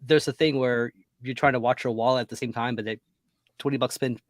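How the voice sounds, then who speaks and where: A man's voice: mid-range voice, steady tone, fairly quick, no echo. A man guests on a podcast in easygoing, casual chat. He hesitates over words and laughs as he talks. The voice is close and dry with no room to it.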